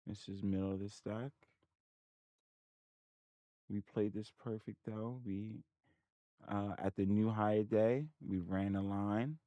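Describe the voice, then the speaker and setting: Low-voiced man muttering over trading charts. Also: steady tone, takes it slowly, pauses often, warm tone, no echo, muffled recording. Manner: muttering, frustrated at the computer, talking to himself; thinking aloud while reviewing charts. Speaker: trading channel host. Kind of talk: casual screen-share commentary.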